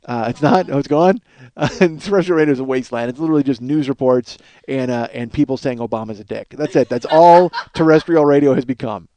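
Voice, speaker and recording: A man's voice: mid-range voice, fast, mellow, dry recording. A man in his thirties from Los Angeles, hosting a podcast with a rambling, profane, sarcastic monologue. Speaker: podcast host. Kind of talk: casual comedic monologue.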